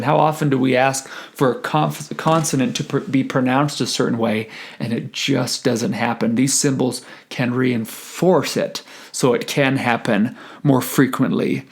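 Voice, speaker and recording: A man who is a choral conductor, explaining rehearsal methods in a deliberate presentation. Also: mid-range voice, fairly even intonation. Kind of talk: recorded conference presentation.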